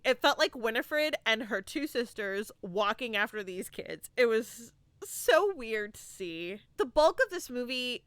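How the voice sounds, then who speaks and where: A woman's voice: a little high, clear, resonant tone, no echo. A young woman hosting a podcast, reviewing a movie in casual chat, laughing often and acting out lines. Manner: animated, laughs often, acts out quotes. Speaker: podcast host.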